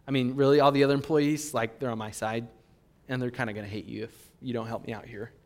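A man voicing scheming leaders who coax and pressure, speaking quickly and low. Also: steady tone, natural voice. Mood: pressuring. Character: scheming male crowd leaders, coaxing and pushy. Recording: long hall reverb.

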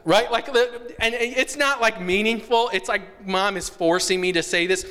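A man gives a sermon in a slightly higher voice, slipping into an animated storytelling mode with acted-out childhood voices. His voice carries a long reverb from a large hall. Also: normal speed. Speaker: pastor.

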